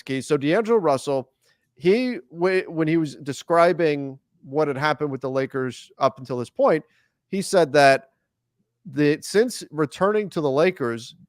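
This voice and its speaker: A man's voice: fairly high pitch, no room sound, clean studio sound. A man hosting a sports podcast in a conversational, self-deprecating way and steering the talk to the next topic. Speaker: podcast host. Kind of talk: casual sports chat.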